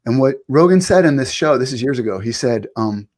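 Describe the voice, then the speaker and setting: A middle-aged man, a guest author, explaining ideas in a thoughtful, wry, measured way. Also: medium pitch, animated, a little mellow. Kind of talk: reflective interview talk.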